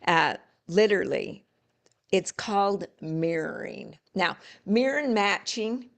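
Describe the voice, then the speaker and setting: A woman's voice: mid-range voice, expressive, takes it slowly, creaky. A middle-aged woman coaching live, emphatic, repeating key words and acting out sample dialogue.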